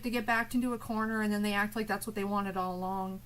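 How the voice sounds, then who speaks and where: A woman's voice: medium pitch, fairly even intonation, fast talker, poor audio. A woman streamer ranting live at her chat, swearing and confrontational, with biting sarcasm.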